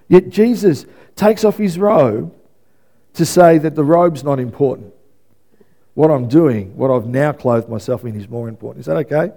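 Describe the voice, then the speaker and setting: A man's voice: a little high, moderate pace, gravelly, warm tone. A male pastor preaching a sermon in a conversational way, often checking in with "yeah?" and repeating phrases for emphasis.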